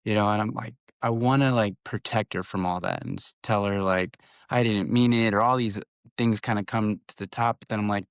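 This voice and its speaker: A man in his thirties co-hosts a casual podcast chat, telling a story in a loose, rambling way full of restarts. His voice sits low. The sound is dry and close, with no room around it. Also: fairly even intonation, a little fast, clear, resonant tone, dry recording. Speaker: podcast co-host.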